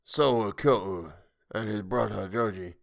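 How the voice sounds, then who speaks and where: A man voicing a hulking male fish-man sea ghost that speaks slowly in broken, lisping words, menacing and cold. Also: on the low side, creaky, no room sound, clean studio sound. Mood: cold anger. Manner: slow, broken speech with a lisp.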